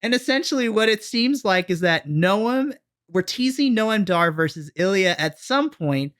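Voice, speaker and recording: A man co-hosting a podcast, chatting casually and excitedly, often acting out quoted reactions as he recaps. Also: high-pitched, a little slow, no echo, clean studio sound. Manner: excitable, animated storytelling with quoted asides. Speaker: podcast co-host. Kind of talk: casual wrestling recap chat.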